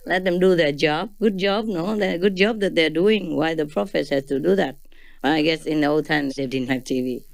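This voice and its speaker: A woman's voice: sits low, moderate pace, vocal fry, a little mellow. A woman teaching a gathering in a loose, chatty way, laughing often and tagging her sentences with questions, in non-native English phrasing. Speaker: spiritual teacher. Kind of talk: informal spiritual talk to a gathering.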